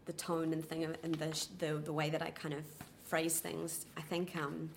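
A young woman with a soft, well-spoken New Zealand accent, answering interview questions casually with many ums and restarts. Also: sits low, completely flat delivery, normal speed, vocal fry, a little hiss or hum.

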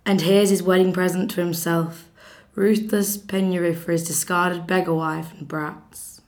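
A woman's voice: fairly low pitch, steady tone, unhurried. A woman with a Lancashire accent performing a dramatic monologue as a bitter, betrayed mythic Greek queen, sarcastic and accusing. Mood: bitter, scornful. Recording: echoey room.

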